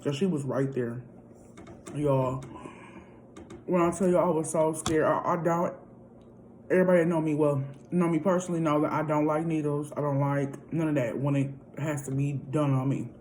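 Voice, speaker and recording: A woman's voice: low-pitched, steady tone, moderate pace, a little mellow, slight background noise, low-quality recording. A woman vlogger telling a story in a casual, chatty way, often calling out to her viewers directly. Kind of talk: casual storytime while eating.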